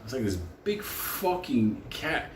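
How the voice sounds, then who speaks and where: A man's voice: mid-range voice, slow pace, slight background noise. A man telling a story casually, swearing often and laughing through it. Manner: profane, laughing, animated. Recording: echoey room with faint ambience.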